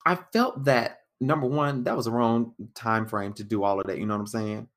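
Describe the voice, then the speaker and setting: A man speaks as a guest in a casual interview, answering in a measured, plainspoken way. He sorts his thoughts into numbered points and adds small conversational tags as he goes. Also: mid-range voice, fairly even intonation, a bit bright.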